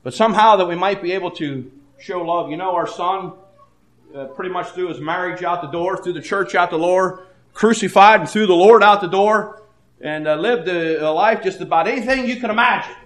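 An older man preaching a sermon, dropping to a hush and then rising loud, often stammering into repeats. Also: high voice, reverberant. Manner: swings between hushed and loud, halting repeats.

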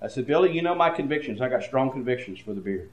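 An older man preaching a sermon, dropping to a hush and then rising loud, often stammering into repeats. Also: medium pitch, lively intonation, reverberant, muffled recording, soft background music. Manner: swings between hushed and loud, halting repeats.

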